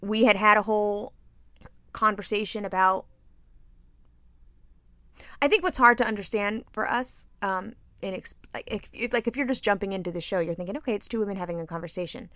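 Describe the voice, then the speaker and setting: A woman co-hosting a podcast, telling a story in a lively way, acting out quotes and laughing often. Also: mid-range voice, normal speed, long pauses, no room sound. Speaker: podcast co-host. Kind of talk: casual storytelling chat.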